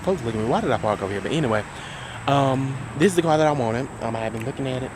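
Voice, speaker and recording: A young man talks to his camera outdoors near a highway, loose and rambling, full of ums and false starts. His pace is brisk, and steady noise from the road sits under his voice. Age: young adult. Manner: rambling, with many ums and restarts. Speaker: vlogger. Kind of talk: casual vlog talk to camera.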